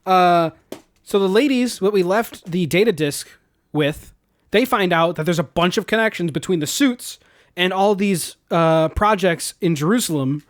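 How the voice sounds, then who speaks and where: A man co-hosting a podcast, retelling a movie's plot in loose, rambling chat. His voice sits a little high for a man, and he swears freely and gets animated as he recounts scenes. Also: normal speed. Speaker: podcast co-host. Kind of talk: casual movie-recap chat.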